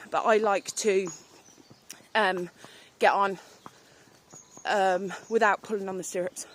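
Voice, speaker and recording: A woman in her thirties with a British accent, chatting casually to a phone while out riding her horse in the countryside, rambling with lots of ums and talking to the horse now and then. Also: mid-range voice. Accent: British English. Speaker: vlogger. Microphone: phone held while riding. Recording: faint outdoor noise. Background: outdoor ambience with animal sounds.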